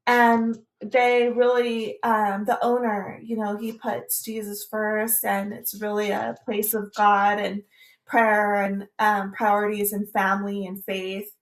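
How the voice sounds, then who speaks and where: A woman's voice: medium pitch, little pitch movement, takes it slowly, echoey room. A woman vlogger telling a personal story in a casual, meandering way, hesitating and restarting often.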